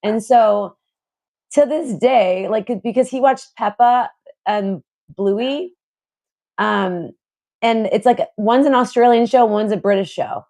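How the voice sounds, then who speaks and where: Speaking slowly in a slightly high, mellow voice, a young adult woman co-hosts a podcast in casual conversation. She wanders from point to point with plenty of fillers and false starts, laughing frequently.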